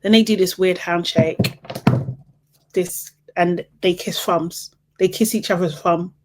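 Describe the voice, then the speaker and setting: Animated, exasperated woman recapping reality TV. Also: slow pace, noisy background. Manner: voice jumps high when incredulous. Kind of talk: casual recap commentary.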